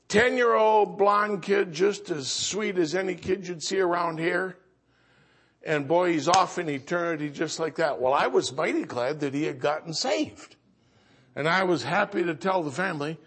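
A man pastor preaching a sermon as a story, swinging between loud exclamations and hushed earnest passages. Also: high-pitched, husky.

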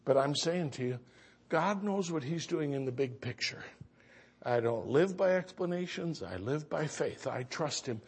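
A man preaching a story-driven sermon, with a high, breathy, husky voice. He takes his time, drawing out his words. He moves from loud exclamations down to hushed earnestness. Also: expressive, unhurried. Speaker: pastor.

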